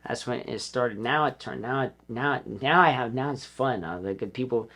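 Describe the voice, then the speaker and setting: A man's voice: mid-range voice, moderate pace, bright, forceful tone. A middle-aged man guesting on a podcast, talking in a rambling, casual way with frequent swearing, restarts and laughs. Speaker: guest, former pro skater. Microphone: podcast studio mic.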